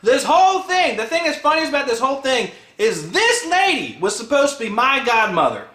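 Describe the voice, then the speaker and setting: Young man, high bright voice, angry vlog rant, echoey room. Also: huge pitch swings, a little fast. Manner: swears a lot, bursts into shouting. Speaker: vlogger.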